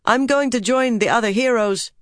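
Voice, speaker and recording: A bold, commanding woman archer barks and crows in a raised, lively voice, as a female narrator puts her on. The storybook reading is close and dry, with no room around it. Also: on the high side, moderate pace, dry recording, pitched above the performer's own voice, close to an everyday voice. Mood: brisk. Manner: boisterous, commanding.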